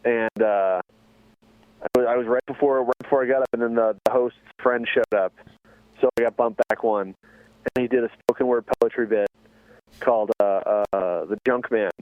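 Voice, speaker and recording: A man's voice: medium pitch, steady tone, normal speed, no echo, muffled recording. A man hosting a casual podcast chat as a stand-up comic, telling mocking, profane stories.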